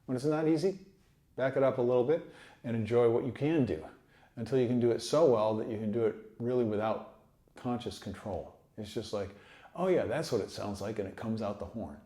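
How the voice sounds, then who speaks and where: A man teaching trumpet in a relaxed, encouraging way, sometimes singing rhythms aloud. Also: mid-range voice, fairly quick. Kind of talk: relaxed instructional talk. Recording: echoey room.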